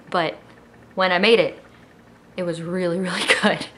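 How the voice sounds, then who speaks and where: A woman's voice: on the low side, fairly even intonation, normal speed, fairly bright tone. Young woman, early twenties, slight Miami accent, sassy and joking, casual vlog at home, camera mic. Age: early 20s. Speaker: vlogger. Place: home in California.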